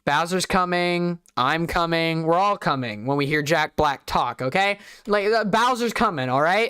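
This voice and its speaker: A streamer with a light Southern US lilt chats loosely through live commentary, rambling and poking fun at themselves. The voice is smooth and resonant. The sound is close and dry. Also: mid-range voice, animated, normal speed, few pauses, pushed and bright, no echo. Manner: chatty, rambling, self-deprecating.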